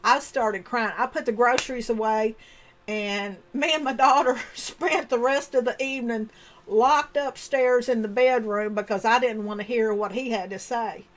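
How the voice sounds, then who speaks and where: A high-pitched woman recounts a personal story in a monologue. Her delivery is animated and expressive, and she slips into the voices of the people she remembers. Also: moderate pace, a little hiss or hum. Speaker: storyteller sharing personal experience.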